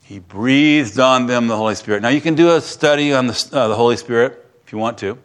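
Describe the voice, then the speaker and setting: Middle-aged man, pastor, sermon, chatty with fillers, swings from hushed to loud and excited. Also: mid-range voice, a little fast, smooth. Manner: conversational, animated, with frequent fillers and sudden bursts of excitement.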